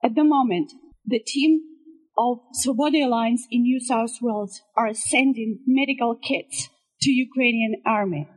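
A woman giving an earnest, halting rally speech as an activist speaker. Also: a little high, low-quality recording. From Russia.

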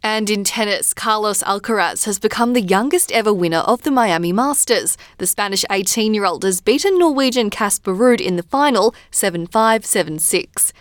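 A woman's voice: mid-range voice, no room sound. Woman reading a dry news bulletin. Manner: measured, even newsreader delivery. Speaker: news presenter.

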